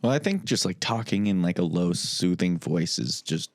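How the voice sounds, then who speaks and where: A young man co-hosting a casual podcast chat, wry and expressive, often laughing. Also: low-pitched, moderate pace, no room sound. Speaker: podcast co-host.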